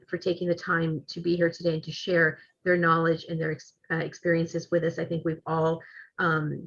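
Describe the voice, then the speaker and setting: A woman's voice: lowish voice, fairly bright tone, breathy edge, lo-fi sound. A woman hosting a webinar speaker series who thanks the speakers and makes announcements over a video call, with frequent "um"s.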